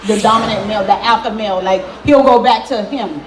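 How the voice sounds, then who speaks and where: A woman's voice: on the high side, brisk, hardly any pauses, far from the mic. A woman on a live panel describing her relationship, giving short answers and explaining herself. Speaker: participant sharing her relationship. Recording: echoey room.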